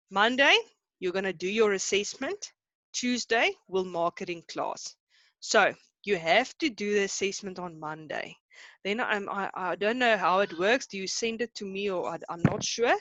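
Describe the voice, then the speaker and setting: Brisk South African woman teacher. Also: medium pitch, a bit bright, no room sound, lo-fi sound. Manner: brisk, chatty, counting aloud to hurry students. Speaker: Afrikaans teacher. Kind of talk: online class lesson.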